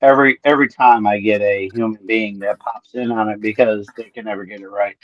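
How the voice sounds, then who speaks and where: A man's voice: on the low side, steady tone, fairly quick, dry recording. Teasing northern man, dull dry sound. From northern United States. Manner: teasing, needling. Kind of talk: casual podcast banter.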